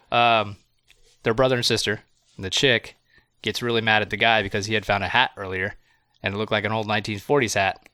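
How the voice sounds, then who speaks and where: Podcast co-host, male, lowish bright voice, dry close sound, giggly and profane plot recapper. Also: steady tone, normal speed, pauses often, no echo. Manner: laughs often, swears freely, recounts plot in loose rambling bits. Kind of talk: casual movie review chat.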